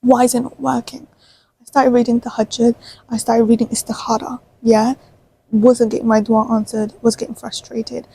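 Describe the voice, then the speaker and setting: A woman in her twenties telling a personal story to the camera in a chatty, animated way. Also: a little high, normal speed, gravelly, husky, poor audio. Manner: chatty, animated, full of fillers. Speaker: vlogger.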